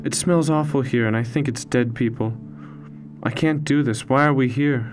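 A man's voice: fairly high pitch, normal speed, soft background music, voice pushed up, lightly acted. A man voicing a frightened, starving fourteen-year-old girl who is crying. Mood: sobbing.

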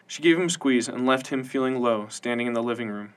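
A man's voice: medium pitch, quick pace. Man narrating a sci-fi story.

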